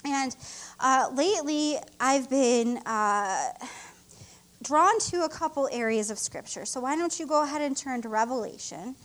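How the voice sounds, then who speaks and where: High-voiced woman preaching a heartfelt sermon. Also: animated, a little slow. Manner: heartfelt, emotional preaching with rising exclamations. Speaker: co-pastor.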